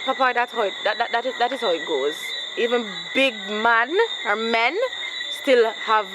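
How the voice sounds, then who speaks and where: An actress with a Jamaican accent playing a caring, outspoken young woman who talks in a brisk, forthright way. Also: a little high, noisy background, lightly acted. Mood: concerned. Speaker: actress in a low-budget film. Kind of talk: acted dialogue in patois.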